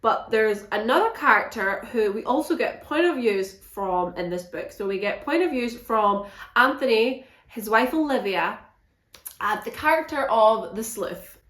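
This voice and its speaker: A woman giving a frank, animated book wrap-up in a casual vlog, swearing now and then. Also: on the high side, measured pace, echoey room. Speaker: book reviewer.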